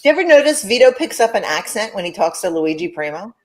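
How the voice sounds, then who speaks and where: A woman co-hosting a chat show, talking in an animated, gossipy way and swearing freely. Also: medium pitch, quick pace. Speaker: co-host. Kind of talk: casual chat.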